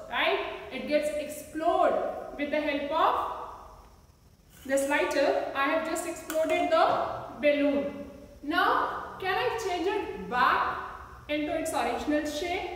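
Slow echoey teacher with an Indian English accent. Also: female voice, high voice, fairly bright tone. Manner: slow, patient, asks the class many rhetorical questions. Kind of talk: classroom science lesson with demonstrations. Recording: echoey room, recorded from a distance.

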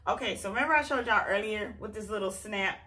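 A woman's voice: mid-range voice, fast talker, sharp tone. Chatty exasperated woman vlogger. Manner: exasperated, chatty, talks to viewers as "y'all". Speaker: beauty vlogger. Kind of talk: casual hair tutorial chat.

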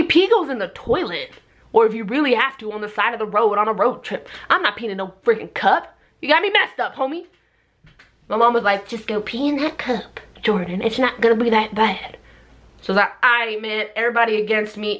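A young woman vlogger telling a story in a casual, animated way, acting out everyone in it with big jumps in her voice. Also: mid-range voice, brisk.

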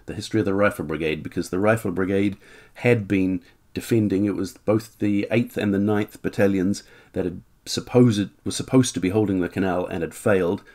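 A man's voice: low voice, a little mellow. A man narrating military history, reading out sources and adding frank, opinionated asides.

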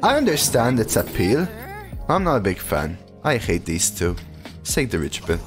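Lively casual male game streamer. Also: fairly low pitch, normal speed, music in the background. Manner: casual, chatty, reads chat aloud and answers it. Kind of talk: live card game stream commentary.

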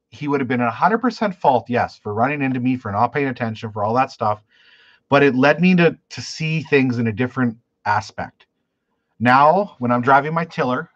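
A man from Canada chats on a fishing live stream. He rambles through stories with frequent restarts and turns to answer viewer questions. His voice sits at a middling pitch and sounds dry and a little dull, close to the mic. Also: a bit bright, no room sound. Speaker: fishing channel host. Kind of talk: live stream chat, reading viewer comments.

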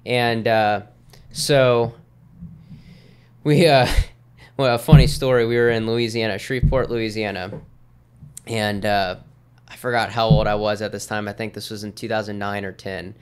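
A man's voice: on the low side, flat delivery, measured pace, smooth. A man in his thirties, a podcast guest, telling stories in an easygoing, rambling way with lots of fillers. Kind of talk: casual storytelling in conversation.

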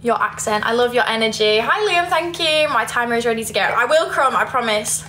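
A woman's voice: a little high, fairly quick, bright, forceful tone, a little hiss or hum. A young woman with a Yorkshire accent, chatting casually on a livestream, reading viewer comments and giggling often. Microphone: phone.

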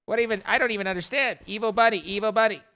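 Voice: mid-range voice, rapid-fire, sharp tone, highs cut off. A young adult streamer giving playful, rambling live commentary over a game, breaking into squeals of mock panic.

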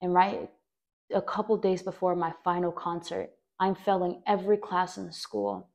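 Gravelly low-voiced young woman. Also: moderate pace, darkish tone. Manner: rambling, with many fillers like "like" and "or whatever". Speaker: podcast host. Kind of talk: personal storytelling monologue.

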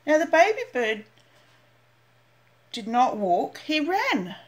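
An older woman, a grandmother, gently reading a children's picture book aloud with an expressive manner. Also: sits high, slow. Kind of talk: storybook read-aloud.

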